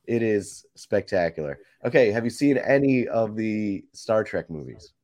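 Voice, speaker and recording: A man's voice: on the low side, animated, unhurried, a little mellow, no echo. A man, a father, chatting casually on a podcast and telling anecdotes, acting out what people said. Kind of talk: casual chat.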